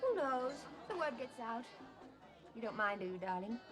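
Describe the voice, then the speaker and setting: A gushing glamorous hostess. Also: female voice, fairly high pitch, sing-song, normal speed, music in the background. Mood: breezy. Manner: breezy, gushing chatter full of "darling". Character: flighty glamorous young woman hostess. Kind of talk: 1960s film dialogue. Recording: film party scene with crowd chatter.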